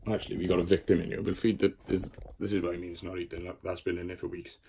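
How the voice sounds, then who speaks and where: Chatty man with a low voice. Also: little pitch movement, racing, creaky, dark tone, a little hiss or hum. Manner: chatty, swears freely, coaxes and scolds his spiders. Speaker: tarantula keeper showing his collection. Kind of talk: casual room-tour vlog. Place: bedroom at home.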